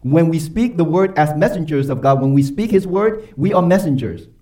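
A man preaching a sermon as pastor, emphatic and quick to pose rhetorical questions to his congregation. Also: fairly high pitch, lively intonation, mellow. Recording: voice from far off the mic.

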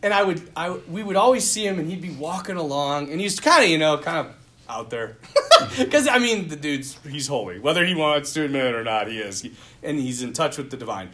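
A young male priest preaching a sermon in an animated, self-deprecating way, often laughing at himself. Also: a little high, a little fast.

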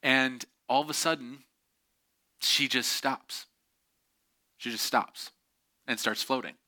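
A man telling a story in a lively way, acting out the voices of the people in it. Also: mid-range voice, slow. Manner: animated, acts out quoted voices. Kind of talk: storytelling talk.

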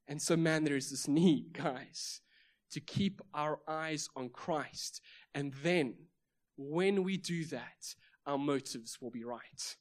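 A South African man with a South African accent preaching a sermon, emphatic, with repeated phrases and rhetorical questions. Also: on the high side. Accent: South African English. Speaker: pastor.

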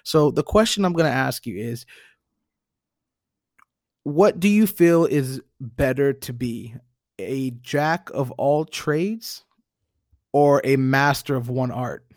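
A man's voice: mid-range voice, slow pace, pauses often, darkish tone, dry recording, studio quality. A man co-hosting a podcast in a laid-back, joking way, posing a question for the group to discuss. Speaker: podcast co-host. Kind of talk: casual chat.

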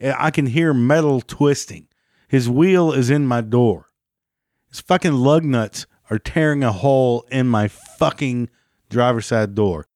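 A man tells his story in a heated, profanity-laced rant, still angry long after the fact. His voice sits mid-range but jumps higher as he relives it. The sound is dry and close, with no room around it. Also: measured pace, darkish tone, no echo. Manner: heated, heavy swearing, rising pitch when agitated. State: still angry about the event.

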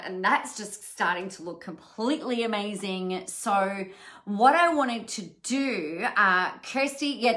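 A woman's voice: medium pitch, sharp tone. A woman leads a live-streamed coaching session. She talks chattily and directly to her viewers in a mid-range voice, often circling back to restart her sentences. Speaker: business coach and live show host.

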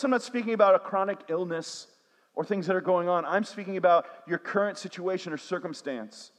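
A man's voice: high voice, fairly quick. A man, a pastor preaching a sermon with call-and-response refrains. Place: church sanctuary. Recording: long hall reverb.

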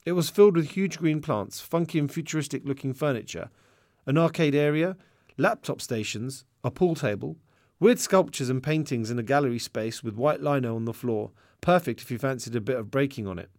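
A man's voice: mid-range voice, fairly quick, no echo. Man narrating his own story. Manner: lively storytelling with voiced dialogue. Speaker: author reading his own book. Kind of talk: first-person audiobook narration. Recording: very dry, close recording.

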